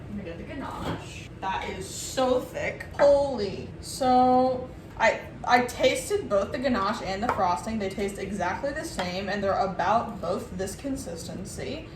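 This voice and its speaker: A woman's voice: medium pitch, reverberant, background noise. A young woman vlogging herself baking at home, talking casually, nervous and joking at her own expense. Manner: nervous, self-mocking, excitable. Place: home kitchen.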